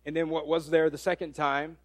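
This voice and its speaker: A man's voice: on the high side, little pitch movement, a little fast, no room sound. A male preacher giving a sermon, telling the story animatedly and acting out quoted voices, with frequent restarts.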